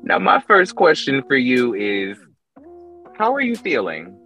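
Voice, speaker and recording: A man's voice: mid-range voice, wildly swooping pitch, unhurried, sharp tone, faint music behind. A man hosting a podcast interview, playful and sassy, calling his guest honey. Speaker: podcast host. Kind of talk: casual interview chat.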